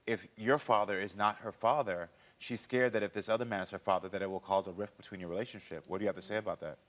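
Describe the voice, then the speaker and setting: Bright-voiced male talk show host. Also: fairly low pitch, quick pace. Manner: gently probing, emotionally expressive.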